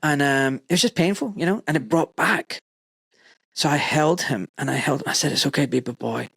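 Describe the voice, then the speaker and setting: A man's voice: fairly high pitch, moderate pace, fairly bright tone, breathy edge, no room sound, clean studio sound. Man in his forties telling an emotional story. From United Kingdom. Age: 40s. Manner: emotional storytelling, acts out his own quotes. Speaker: podcast host. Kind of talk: casual chat.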